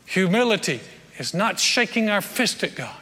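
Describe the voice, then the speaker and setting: A man's voice: sits high, big pitch swings, normal speed, pushed and bright. A man preaching as a pastor to a congregation, earnest and emphatic, often repeating his phrases. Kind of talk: sermon. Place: church service before a congregation. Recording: long reverb of a large hall.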